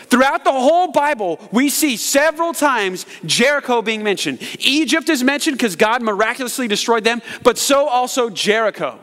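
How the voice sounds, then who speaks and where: A man preaching a sermon as pastor, jokey and animated, acting out yells and voices. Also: extremely high pitch. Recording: hall reverb.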